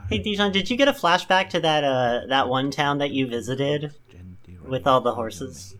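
A woman co-hosting a casual comedy podcast who laughs often, swears and shouts her jokes. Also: extremely low pitch, lively intonation, moderate pace. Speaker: podcast co-host.

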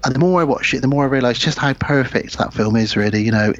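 A man's voice: medium pitch, quick pace, faint music behind. Rambling man, dull lo-fi podcast sound. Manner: rambling, many fillers and restarts. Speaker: podcast co-host. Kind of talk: casual podcast chat.

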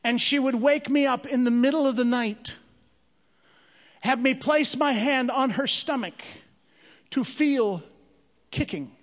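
High-pitched male comic, animated church stand-up, hall reverb. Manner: animated, drawn-out comic delivery. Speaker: comedian. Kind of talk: stand-up storytelling. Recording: long reverb of a large hall.

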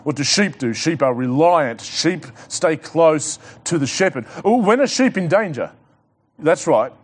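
A male pastor preaching a sermon, repeating his key points, asking the congregation questions and building to urgent exhortation. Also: a little high.

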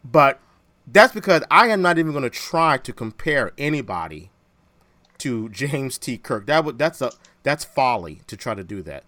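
Male podcast host, bright tone, dry close mic, animated and laughing. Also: medium pitch, moderate pace, no room sound. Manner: animated, laughs often, restarts phrases. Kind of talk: casual chat.

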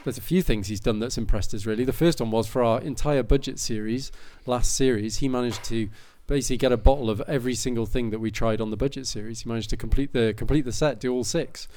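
A man's voice: mid-range voice, fast, few pauses, darkish tone. A man hosting a podcast, talking in a rambling, enthusiastic way with many fillers and restarts. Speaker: podcast host. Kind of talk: casual chat.

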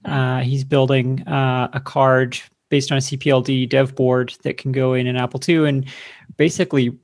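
A man on a podcast panel explains things steadily in casual chat. His voice is gravelly and stays quite flat in pitch. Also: normal speed.

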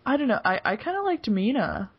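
A woman's voice: fairly high pitch, very animated, fairly quick, husky. A woman in her forties hosting a podcast, chatting casually and laughing often between phrases. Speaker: podcast host. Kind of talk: casual chat. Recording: dull lo-fi podcast audio.

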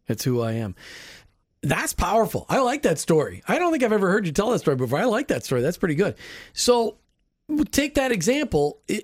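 A man's voice: high-pitched, no room sound, studio quality. A man hosting a Christian radio show, talking emphatically and enthusiastically to his guest and directly to his listeners. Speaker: radio host. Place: radio studio.

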